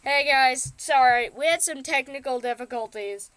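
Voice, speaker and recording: A woman's voice: high voice, moderate pace, fairly bright tone, smooth, no echo. A young woman co-hosting a podcast, recapping a movie in a rambling, casual way, laughing often and slipping into tabletop game jargon. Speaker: podcast co-host.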